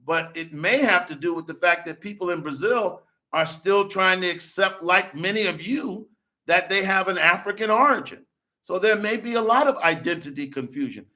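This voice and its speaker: A man's voice: high-pitched, normal speed, sharp tone. A man hosting a podcast, lecturing and arguing in answer to viewer comments, with rhetorical questions, restarts and frequent "okay?". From United States. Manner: lecturing, rhetorical, repeats himself and says okay often. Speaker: podcast host.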